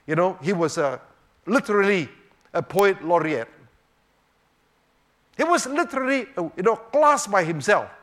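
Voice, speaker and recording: A man teaching a sermon on the Psalms, swinging between emphatic rhetorical questions and hushed, quiet moments. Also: sits high, expressive, measured pace, long pauses. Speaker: preacher.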